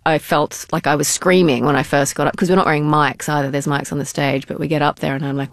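A middle-aged actress talking in a casual interview, enthusiastic and quick to laugh, often restarting her sentences. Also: sits low, fairly even intonation, gravelly, no echo, clean studio sound.

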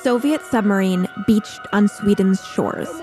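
A woman's voice: mid-range voice, a little slow. A woman hosting a podcast, narrating a true story with vivid, suspenseful pacing and casual asides. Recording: faint music underneath.

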